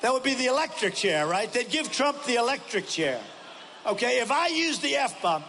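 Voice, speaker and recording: A man giving a campaign rally speech, emphatic and repetitive, hammering short punchy phrases and often shouting. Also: extremely high pitch, sing-song, moderate pace, slight background noise. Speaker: political candidate at a rally. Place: large rally venue. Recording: rally hall reverb with crowd ambience.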